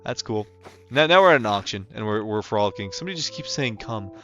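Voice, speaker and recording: A man's voice: lowish voice, expressive, quick pace, sharp tone. A young man chatting casually on a livestream, rambling with lots of fillers and restarts. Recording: dull lo-fi sound with faint music behind.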